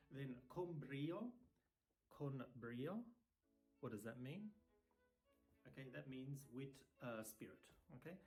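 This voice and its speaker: A man's voice: mid-range voice, a little mellow. A man teaching violin terms, repeating each word and spelling it out letter by letter. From Italy. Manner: repeats words slowly, spells them out letter by letter. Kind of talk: casual spoken lesson.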